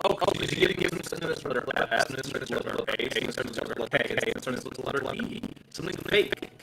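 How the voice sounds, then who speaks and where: A man's voice: expressive, fast talker, gravelly, fairly bright tone, soft background music, rough recording. A man chatting along with a game stream, joking and playful. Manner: playful, jokey, swings his pitch. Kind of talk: casual gameplay chat.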